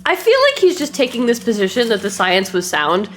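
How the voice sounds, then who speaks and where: A young woman streamer chatting casually, quick, laughing and swearing. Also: fairly high pitch, big pitch swings. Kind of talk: casual chat.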